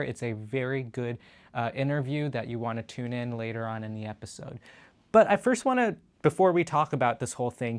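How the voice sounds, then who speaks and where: A man hosting his own show, giving casual political news commentary in a conversational way with frequent fillers and restarts. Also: medium pitch. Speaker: show host.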